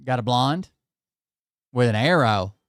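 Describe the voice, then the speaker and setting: A man's voice: medium pitch, animated, measured pace, dry recording, studio quality. A man hosting, giving casual offhand reactions to videos, often muttering and trailing off. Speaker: host.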